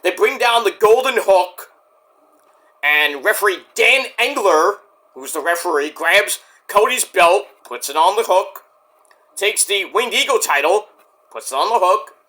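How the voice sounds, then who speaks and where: A man casually recapping a wrestling show, swearing freely and acting out the wrestlers' lines in loud put-on voices. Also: high voice, animated, a little slow. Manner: profane, acts out quotes in big shouted voices.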